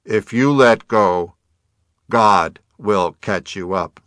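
A man doing a booming voice from the heavens. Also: a bit bright, no echo. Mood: commanding. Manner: slow, commanding pronouncements. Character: booming godlike voice from above.

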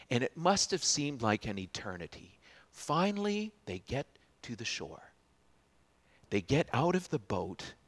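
Male pastor, sermon; animated storyteller, bouncing melody, stops and restarts mid-phrase. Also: medium pitch. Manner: animated storytelling, frequent restarts, swings from loud to hushed.

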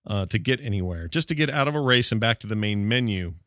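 A man's voice: on the low side, animated, fairly bright tone, no echo, studio quality. Chatty sarcastic male podcast host. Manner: quick, chatty, sarcastic asides. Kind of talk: casual gaming news chat.

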